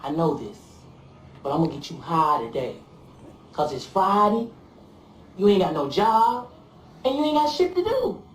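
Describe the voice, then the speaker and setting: A laid-back buddy, drawling and teasing with lively ups and downs in his voice. The clip sounds roomy, with faint noise underneath. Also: sits high, moderate pace, pauses often.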